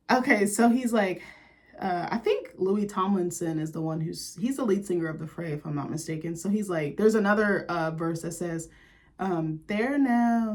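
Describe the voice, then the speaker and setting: A young woman vlogger, chatting in a gushing, chatty way and full of "like". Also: mid-range voice. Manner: gushing, chatty, lots of "like", laughs. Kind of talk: casual chat to camera.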